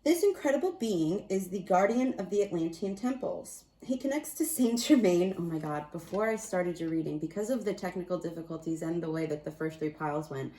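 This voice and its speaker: A woman's voice: lowish voice, darkish tone. A woman casually doing a spiritual card reading, talking in a meandering, chatty, self-amused way. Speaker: tarot and oracle card reader. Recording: roomy echo, distant mic.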